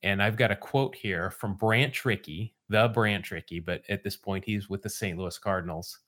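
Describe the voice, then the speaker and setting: A man hosting a podcast, relaxed storytelling with dry asides in casual chat. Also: lowish voice, moderate pace. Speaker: podcast host.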